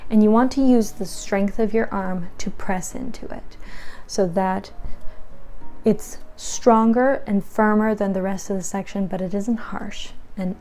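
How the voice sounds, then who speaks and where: A woman teaching piano and explaining patiently in a clear instructional tone. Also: medium pitch, fairly even intonation, measured pace, dark tone. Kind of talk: instructional tutorial.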